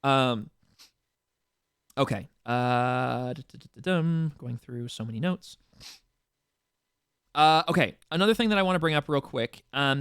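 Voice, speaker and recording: Casual and loose, a male host from a roleplay server's staff rambles through meeting reminders, restarting often and leaning on fillers, with an occasional curse for emphasis. His voice is medium-pitched, fairly bright and smooth, recorded cleanly in a studio with no room sound.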